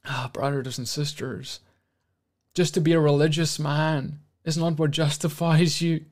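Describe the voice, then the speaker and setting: A man with a South African accent preaching a sermon as pastor, earnest and building to loud, emphatic exhortation. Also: fairly high pitch, steady tone, measured pace.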